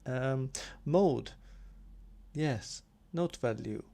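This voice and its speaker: A man with a gravelly, creaky edge to his voice talks through a hobby synth tutorial. He meanders as he goes, thinking aloud and filling pauses with ums. His pitch sits in an ordinary middle range for a man. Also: dark tone. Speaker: synth hobbyist demonstrating gear. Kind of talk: casual tutorial walkthrough.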